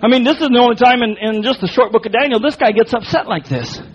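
A man preaching a sermon, explaining a Bible passage in an emphatic, folksy way with repeated words and quick restarts. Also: very high voice, breathy edge, lo-fi sound.

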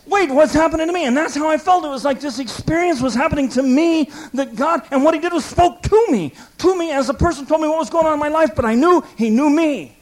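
A man's voice: very high-pitched, fairly quick, hardly any pauses. A man preaching a sermon, telling stories and acting out the people in them. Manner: animated storytelling, acts out quoted voices.

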